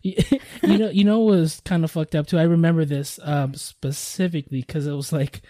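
A man co-hosting a casual podcast chat. His voice is mellow and a little dark, with a dry, close sound. He tells stories in a laid-back way and swears freely. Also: a little high, fairly even intonation, brisk, no echo. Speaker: podcast co-host.

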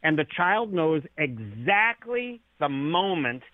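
Calling in on a tinny phone line, a male author speaks slowly with big pitch swings in a voice on the high side, with no room sound. As the interview guest, he explains ideas by telling stories and performing the lines he quotes.

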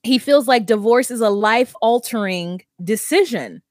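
A woman's voice: a little high, lively intonation, unhurried, no room sound, clean studio sound. A woman co-hosting a casual podcast recapping a reality TV show, rambling with lots of fillers and wandering tangents. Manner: rambling, filler-heavy, worried musing. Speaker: podcast co-host.

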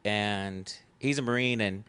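A man's voice: fairly low pitch, unhurried, a bit bright, clear, resonant tone, no echo. A young adult man telling a rambling story in casual chat, swearing freely and acting out what he said at the time. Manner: rambling storytelling, swears casually, acts out his own past lines. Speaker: podcast guest, festival founder.

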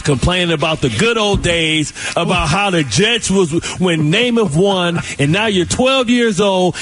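A man co-hosting a sports talk radio show in a loud, brash, high-energy way, trash-talking and boasting. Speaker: radio co-host.

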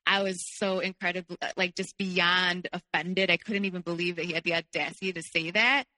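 A woman's voice: on the low side, fairly even intonation, brisk, bright, forceful tone, dry recording, in a large hall, poor audio. A young woman telling a personal story as a podcast guest in a candid, casual way, with many fillers.

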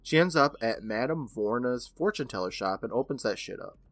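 A man's voice: medium pitch, expressive, moderate pace, a bit bright, no echo, soft background music. A man in his thirties co-hosting a podcast, eagerly retelling an episode in casual chat and laughing often. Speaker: podcast co-host.

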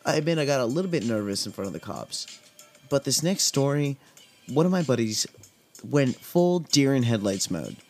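A man's voice: mid-range voice, expressive, moderate pace, faint music behind. Laid-back, foul-mouthed young man telling stories. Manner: laid-back, profane, filler-heavy. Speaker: podcast host. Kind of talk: casual storytelling.

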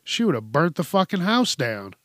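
Profane, laughing podcast host. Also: male voice, a little high, sing-song, normal speed, fairly bright tone, dry recording, clean studio sound. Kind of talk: casual news commentary.

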